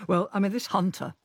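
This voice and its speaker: A man's voice: high-pitched, vocal fry, husky, dry recording, studio quality. A man interviewing an author, asking probing, reflective questions about his book.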